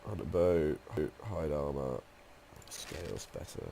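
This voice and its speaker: A man's voice: rumbling low, very animated, measured pace, gravelly, mellow, a little hiss or hum. A man with a cold giving casual, profane gameplay commentary, sounding nasal and muttering to himself. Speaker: let's play gamer.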